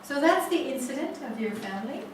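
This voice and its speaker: A woman leading a family constellation seminar, telling a case story slowly with many restarts. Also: sits high, lively intonation, a little hiss or hum. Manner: slow, halting storytelling with restarts. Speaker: seminar facilitator. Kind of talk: guiding a family constellation exercise. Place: seminar room. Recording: echoey room, far from mic.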